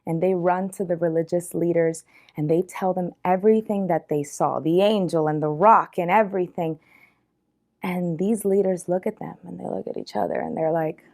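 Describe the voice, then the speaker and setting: Woman telling a lively bible story. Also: fairly low pitch, moderate pace. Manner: lively casual retelling.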